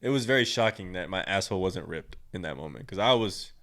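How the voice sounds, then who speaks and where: A deep-voiced young man talks fast and animatedly, his tone fairly bright. On his own podcast he recounts a personal story in a rambling, crude and blunt manner, swearing freely.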